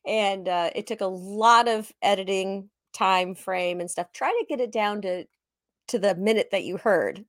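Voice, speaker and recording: A woman chatting casually on a video call, giggling between stories. Her voice sits at an ordinary middle pitch, and it sounds close and dry with little room sound. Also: measured pace, no echo. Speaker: podcast co-host. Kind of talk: casual chat.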